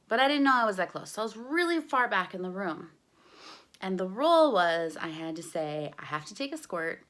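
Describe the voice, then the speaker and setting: A young woman telling a personal story in a casual, chatty way, full of "like" and lively quoted dialogue. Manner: chatty, animated, lots of "like", jumps high when quoting herself.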